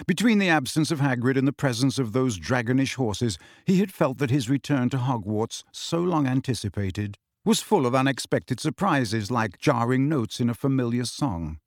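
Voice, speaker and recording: A man reading a storybook aloud as narrator, with expressive storytelling. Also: mid-range voice, dry recording, clean studio sound. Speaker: audiobook reader. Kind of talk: scripted narration.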